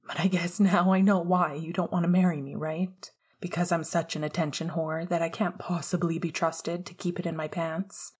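Woman reading as a desperate, heartbroken young man, raw pleading delivery, husky, storybook audio. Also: fairly low pitch, little pitch movement, moderate pace, hardly any pauses, a little mellow.

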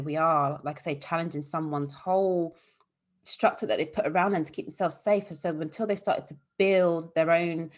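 A woman therapist for eating disorders, talking in a casual, explanatory way in an interview. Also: sits low. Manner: warm, explanatory, fillers like "like" and "you know".

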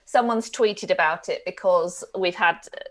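A woman co-hosting a podcast in a relaxed, easygoing chat. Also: lowish voice, normal speed. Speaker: podcast co-host. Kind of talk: casual chat.

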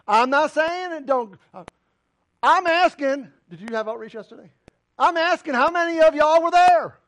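A man's voice: very high-pitched, expressive, moderate pace, fairly bright tone. A man preaching a sermon as pastor, emphatic and full of direct questions to the congregation. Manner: emphatic, preaching with rising and falling intensity.

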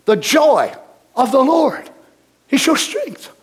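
A man preaching a sermon from the pulpit, pressing his points with repetition and breaking into shouts. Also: very high-pitched, lively intonation, takes it slowly. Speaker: pastor.

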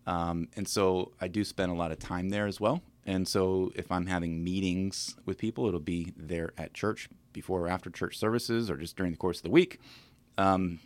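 A middle-aged man with a very low, deep voice co-hosts a casual local podcast. He talks in a loose, friendly way, full of ums and restarts. The sound is close and dry, with no room echo. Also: steady tone, normal speed. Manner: chatty, hesitant with restarts and ums. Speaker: podcast co-host. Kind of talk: casual chat.

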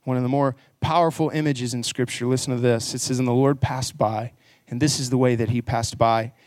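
A man preaching to a church congregation. His delivery is earnest and conversational, and it builds into emphatic stretches. His voice sits at a middle pitch, and it is recorded close and dry. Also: steady tone, brisk, darkish tone, no room sound. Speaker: pastor. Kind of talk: sermon.

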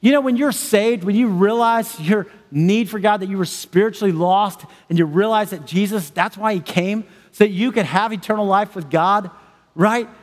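High-voiced enthusiastic man preaching. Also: moderate pace. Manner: enthusiastic, chatty with frequent laughs. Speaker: pastor. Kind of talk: sermon. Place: large church hall. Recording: long church-hall reverb.

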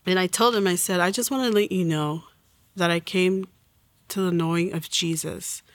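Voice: mid-range voice, normal speed, no echo. An adult in their forties telling a personal faith story in an earnest way, acting out the lines they quote. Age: 40s. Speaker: testimony guest.

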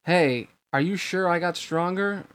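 A man's voice: high voice, a little slow, a bit bright, clear, resonant tone, pitched above the performer's own voice. A resentful teenage swordsman in a storybook reading, cold and taunting, his words edged with bitterness, as a man reads him. The voice stays close to a plain adult male reading voice. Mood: bitter, taunting.

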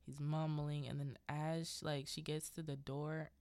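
A woman's voice: low voice, flat delivery, unhurried, darkish tone, no echo. A woman hosting a podcast who recaps a film in a casual, rambling way, full of unsure asides. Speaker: podcast host.

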